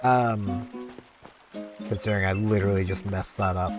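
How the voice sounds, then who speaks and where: A man's voice: on the low side, fairly even intonation, normal speed, music in the background. A sleepy man rambling chattily through casual gameplay commentary. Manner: rambling, chatty, easily amused. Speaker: gaming channel host.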